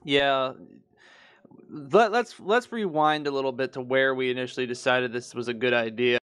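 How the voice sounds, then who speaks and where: Man, smooth resonant voice, animated storyteller, swears freely, casual podcast chat. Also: mid-range voice, moderate pace, no echo. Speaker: podcast co-host.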